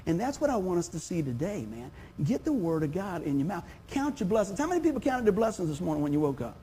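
A man's voice: sits high, sing-song, fast talker, dark tone, a little hiss or hum. A man in his fifties preaching a folksy sermon, often calling for amens and acting out little stories. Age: 50s. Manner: folksy, calls for amens, acts out anecdotes. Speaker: pastor.

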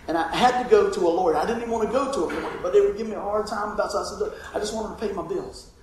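A man preaching a sermon, telling a personal story in a folksy, animated way. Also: high-pitched, very fast, slight background noise. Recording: echoey room from far off.

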